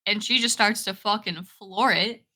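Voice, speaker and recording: A woman's voice: mid-range voice, normal speed, sharp tone. A woman co-hosting a podcast, telling a rambling story in casual chat and swearing casually. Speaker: podcast co-host.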